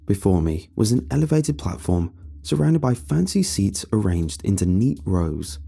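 A man narrating a scripted first-person horror story in a measured storytelling delivery. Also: lowish voice, sing-song, creaky, warm tone, husky, faint music behind.

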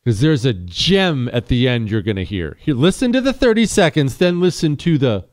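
A man's voice: mid-range voice, sing-song, normal speed. A man hosting a talk radio show, blunt and sarcastic in his opinionated monologue.

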